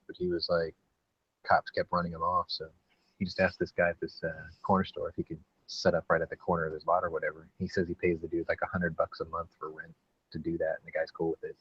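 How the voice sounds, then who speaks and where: A low, husky-voiced man talks in a laid-back, joking way, laughing and swearing as he chats. The sound is dry and a bit dull, like a lo-fi recording. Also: no echo. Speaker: podcast host. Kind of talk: casual chat.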